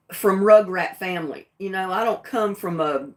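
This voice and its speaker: A woman's voice: medium pitch, normal speed. A middle-aged woman with a Southern US accent, talking plainly and defiantly on her own livestream. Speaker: livestream host. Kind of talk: casual livestream talk.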